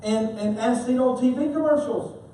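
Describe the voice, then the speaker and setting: A man preaching a sermon as a pastor, telling stories with animated humor. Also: extremely high pitch, normal speed, slight background noise. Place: church sanctuary. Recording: echoey church hall from far off.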